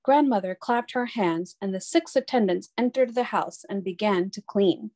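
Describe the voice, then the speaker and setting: A woman reading a children's storybook aloud in an expressive, clear storytelling voice. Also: medium pitch, normal speed.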